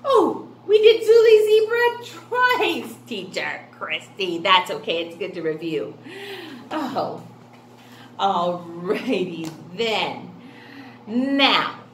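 A woman's voice: mid-range voice, sing-song, drawn-out words, pauses often. A woman teacher leading a children's phonics class in a cheerful sing-song way, drawing out words as she prompts. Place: indoor room with a fan running. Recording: echoey room with faint fan hum.

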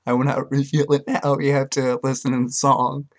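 A man with a halting, hesitant way of talking who earnestly sings his own comic love song unaccompanied, recorded on a webcam. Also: mid-range voice, flat delivery. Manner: hesitant, halting speech with fillers. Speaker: amateur songwriter.

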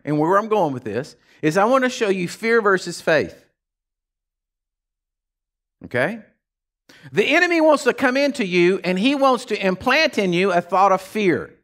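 A man preaching a folksy, animated sermon as pastor of a church. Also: high voice, moderate pace. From Texas.

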